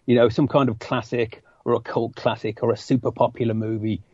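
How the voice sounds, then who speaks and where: A man's voice: medium pitch, little pitch movement, brisk, a little mellow, husky, no room sound, highs cut off. A man with a West Midlands English accent, a podcast guest chatting casually in a self-deprecating way. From West Midlands, England. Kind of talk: casual chat.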